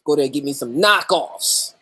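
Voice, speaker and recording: A man's voice: on the high side, normal speed, sharp tone, husky, dry recording. A man hosting a livestream in casual, profane chat, greeting viewers by name as they join. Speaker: livestream host.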